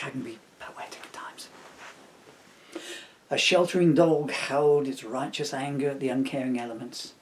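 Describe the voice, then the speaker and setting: A man's voice: mid-range voice, a little mellow. A man reading aloud from his own comic novel, breaking off often for self-mocking asides. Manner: digressive, self-mocking jokes between passages.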